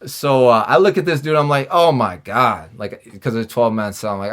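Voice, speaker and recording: A man's voice: mid-range voice, normal speed, fairly bright tone. A man telling his prison stories in a casual interview, swearing freely, restarting sentences and acting out quoted dialogue. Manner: profane, rambling, with filler-heavy restarts; acts out his own and others' lines in quoted dialogue. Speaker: podcast guest, former prisoner.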